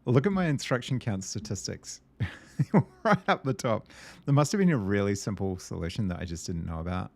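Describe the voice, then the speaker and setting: Deep-voiced man thinking aloud over a puzzle game. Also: moderate pace, gravelly. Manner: muttering to himself, hesitant, excitable. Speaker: gameplay video host.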